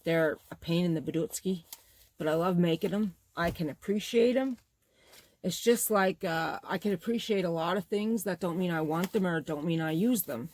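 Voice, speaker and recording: Casual vlog host, middle-aged woman, low pitch, effusive and rambling. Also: normal speed, darkish tone. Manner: gushing, rambling, exclamatory. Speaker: bag-making channel host. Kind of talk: casual show-and-tell vlog.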